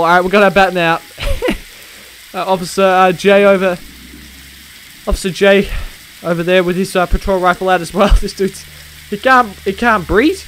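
Excitable high-voiced man, gameplay commentary. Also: unhurried, long pauses, slight background noise. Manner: excitable, shouts police commands, laughs often. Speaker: gaming video host. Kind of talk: gameplay commentary with police role-play.

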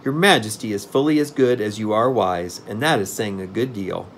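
A man's voice: lowish voice, moderate pace, a little hiss or hum, natural voice. A man reading aloud and voicing a polite, meek young boy with an earnest manner.

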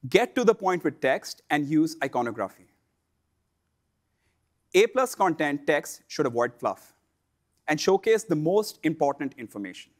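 A man presenting a scripted instructional lesson for online sellers, in a measured, explanatory delivery. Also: fairly high pitch, very animated.

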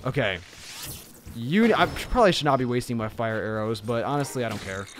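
A young man from Illinois chatting casually as he streams a game live on a boom-arm mic, excitable and shouting during fights. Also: a little fast, slight background noise. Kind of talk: casual live gameplay commentary.

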